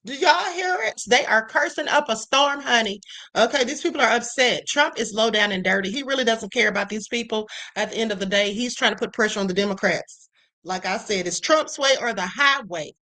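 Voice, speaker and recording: A woman hosts a live stream with a bright, clear voice that sits a bit high. She talks emphatically in casual political chat and often calls her listeners honey and beloved. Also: fairly quick. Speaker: live-stream show host. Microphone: live-stream setup.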